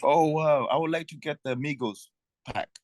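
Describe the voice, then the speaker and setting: A man's voice: on the high side, normal speed, darkish tone, no echo. A man from Africa, a guest comedian, chatting casually in a laid-back way with frequent swearing. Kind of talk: casual chat.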